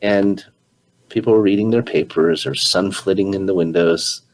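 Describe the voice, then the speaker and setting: A podcast host interviewing a guest, this man speaks low and at a moderate pace, earnestly retelling a story and sharing his own experience while frequently restarting his sentences. The recording quality is low, and the talk is conversational storytelling.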